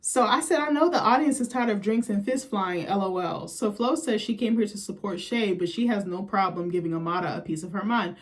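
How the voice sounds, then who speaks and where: A woman's voice: mid-range voice, a little fast, few pauses. A young woman casually recapping a reality show, blunt and profane, acting out the quotes she retells.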